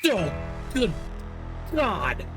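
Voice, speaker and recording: A man's voice: high-pitched, very animated, drawn-out words, gravelly. Man reading game lines dramatically. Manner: dramatic reading broken by startled exclamations. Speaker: streamer. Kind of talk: let's play, reading game dialogue aloud. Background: faint game music.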